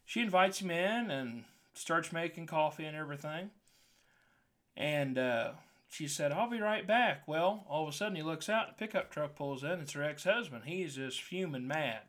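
A man's voice: a little high, lively intonation, normal speed, fairly bright tone. A man, a pastor co-hosting a podcast, telling a long joke in a folksy, drawling storyteller way and then signing off. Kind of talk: casual joke telling and sign-off.

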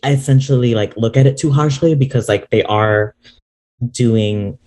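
A young man co-hosting a casual podcast, giggly and animated in his delivery. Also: medium pitch, unhurried. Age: young adult. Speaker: podcast co-host.

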